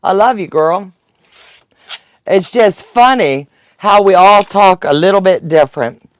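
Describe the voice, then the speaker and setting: A woman's voice: mid-range voice, animated, unhurried, dry recording. Lady teaching quilting on a live stream, chatty and laughing a lot, takes her time. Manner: chatty, laughs often, talks to viewers. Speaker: quilting instructor. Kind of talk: casual live-stream tutorial.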